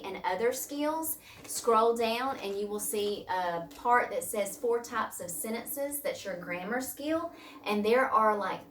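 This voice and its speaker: A woman's voice: on the high side, fairly bright tone, slight background noise. A woman teacher giving a recorded distance-learning lesson who talks patiently and repeats her key points. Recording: roomy sound from a distance.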